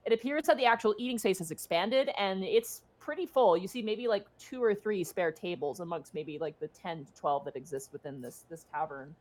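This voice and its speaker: A woman's voice: fairly low pitch, a little fast, few pauses, darkish tone. A woman narrating a tabletop game as game master, casual and rambling, with lots of "like" and "uh".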